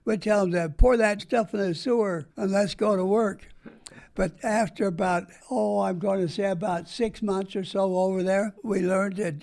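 A man's voice: high-pitched, steady tone, normal speed, creaky, a little mellow. An older man from the United States, a war veteran, tells rambling, folksy stories in an oral history interview.

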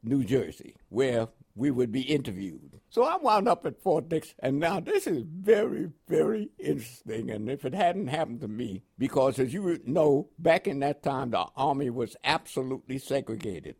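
Speaking at a normal speed with hardly any pauses, this older veteran has a medium-pitched, creaky, slightly rough voice. Originally from Panama, he talks with a New York accent tinged by West Indian inflections as he shares his army years in an oral history interview, bringing stories to life with quoted dialogue and the occasional laugh.

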